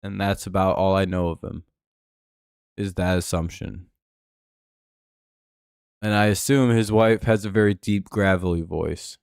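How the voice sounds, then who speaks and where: A man's voice: low voice, steady tone, measured pace, creaky, pauses often, darkish tone, clear, resonant tone, no room sound. A man hosting a live stream, giving laid-back, dry play-by-play and chatting with viewers. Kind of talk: casual game-watching commentary.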